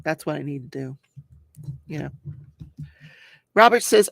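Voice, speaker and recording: An older woman with a low, gravelly, animated voice hosts a crafting and true-crime talk show as a casual livestream. She speaks a little slowly and pauses often, reading viewer comments aloud, chatting while she crafts and laughing often. The recording is studio quality with no room sound.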